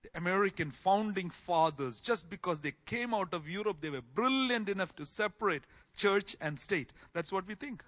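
A man teaching a Bible class in sermon style, swinging from soft asides to loud exclamations. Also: high voice, animated, moderate pace, hardly any pauses.

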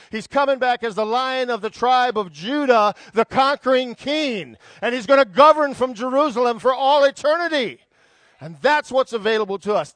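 A man preaching a sermon, reading scripture aloud with animated emphasis. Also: sits high, no echo. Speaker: pastor.

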